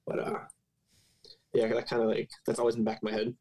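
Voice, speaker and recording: A man with a low, flat voice speaks haltingly about a personal loss to a panel. He pauses and restarts often and keeps his tone even and subdued. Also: creaky, no room sound. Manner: halting, hesitant, quiet. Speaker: panel guest, grieving sibling. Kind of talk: personal account in a panel conversation.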